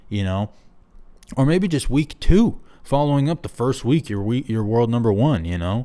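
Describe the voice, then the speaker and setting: A man's voice: mid-range voice, darkish tone. A man hosting his own show, musing aloud in a rambling, self-deprecating solo monologue. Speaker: show host.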